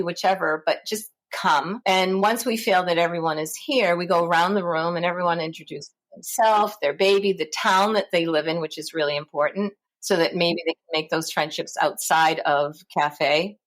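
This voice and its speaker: A middle-aged woman, a guest in an interview, telling stories in a lively way and acting out the people she quotes. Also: on the low side. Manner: animated, acts out quoted voices. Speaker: guest, founder of a parent support center. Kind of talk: conversational interview storytelling.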